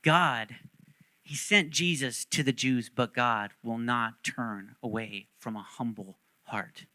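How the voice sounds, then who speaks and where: A man's voice: medium pitch, slow pace, pushed and bright, dry recording. A male pastor preaching a sermon, telling stories animatedly and joking with the congregation.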